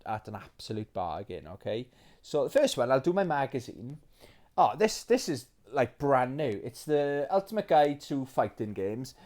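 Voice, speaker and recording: A man chatting casually about games he has collected, rambling and quick to get excited, with lots of fillers. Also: medium pitch. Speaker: retro game collector. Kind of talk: casual video chat.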